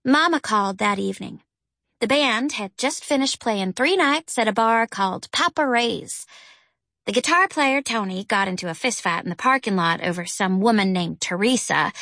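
A woman narrating a children's novel as an audiobook, with a gentle storytelling manner. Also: dry recording. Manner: gentle storytelling, lifts pitch for characters' lines. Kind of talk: scripted narration.

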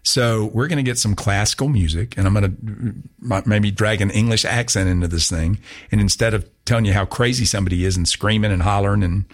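A man with a fairly low, brisk voice hosts a talk radio show. His casual chat is rambling and self-mocking.

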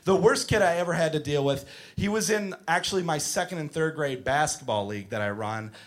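A high-voiced man performing stand-up comedy. He tells a long story in a lively way and raises his voice to a shout at the punchlines. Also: a little fast. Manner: animated, builds to shouting punchlines.

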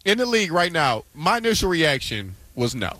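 A man co-hosting a sports radio show, debating basketball in a relaxed, agreeable way on a studio microphone. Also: on the high side, brisk, no room sound. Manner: relaxed, agreeable, laughs along. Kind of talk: casual sports talk.

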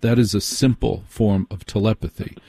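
A man hosting a late-night radio call-in show from a studio, measured and emphatic, repeating phrases for effect. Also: fairly low pitch, fairly even intonation, mellow, husky, no echo. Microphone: studio microphone.

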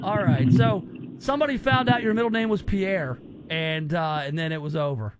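A man's voice: on the high side, moderate pace, heavy background noise. A man hosting a radio show, teasing callers in casual, rambling banter.

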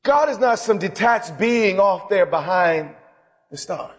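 A man preaching a sermon, impassioned and dramatic, slowing for emphasis and then surging. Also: sits high, expressive. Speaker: pastor. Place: church sanctuary. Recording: live sermon with long hall reverb.

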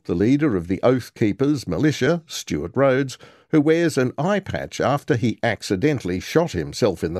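A man's voice: medium pitch, a little mellow, no echo, studio quality. A man narrating a scripted news report as a reporter, with wry, sardonic commentary.

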